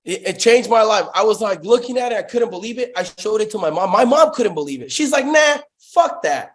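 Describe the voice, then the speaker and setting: A fairly high-voiced man spins an excitable, slangy story as an interview guest, cursing casually and dropping bro into nearly every sentence. He talks over a Bluetooth headset on a call. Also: quick pace. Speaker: guest, sales founder.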